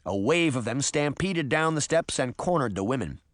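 A man reading a children's adventure novel aloud with expressive, varied narration. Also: medium pitch, moderate pace, no echo, clean studio sound. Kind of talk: audiobook narration.

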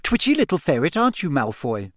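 A man reading aloud voices a clever, sharp-tongued teenage girl with a brisk manner. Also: on the high side, very animated, no echo, studio quality. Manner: brisk, scathing. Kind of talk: audiobook character voice.

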